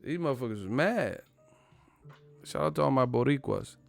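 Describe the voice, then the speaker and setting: A man hosting a live boxing chat, ranting in loose, profane slang. His voice is mid-pitched and lively, swinging up and down as he pushes each point. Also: moderate pace, gravelly, faint music behind. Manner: animated, profane, slangy rant. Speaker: boxing channel host. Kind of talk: casual live-stream commentary.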